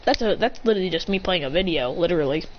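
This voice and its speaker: A woman's voice: fairly low pitch, lively intonation, racing, pitched below the performer's own voice, close to an everyday voice. A woman voicing a cocky young male fire-wielding fighter who teases his opponent. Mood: mocking. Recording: dull lo-fi with faint hiss.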